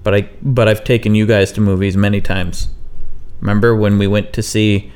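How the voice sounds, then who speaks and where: A man's voice: lowish voice, flat delivery, normal speed, darkish tone, smooth, lightly acted. A man voicing a simple-minded talking car in an improvised comedy story, speaking earnestly and plainly.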